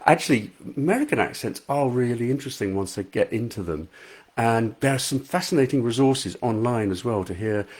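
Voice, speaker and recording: In a relaxed live-stream chat, an English author in middle age reads out viewers' comments and talks in a chatty, self-deprecating manner. His voice is lowish and a little mellow.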